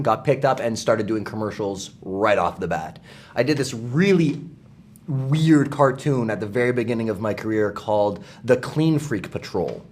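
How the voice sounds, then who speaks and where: A man who works as a voice actor, talking casually at a fan convention, animated, laughing often and acting out the people he quotes. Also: mid-range voice. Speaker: voice actor guest. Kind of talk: casual storytelling interview.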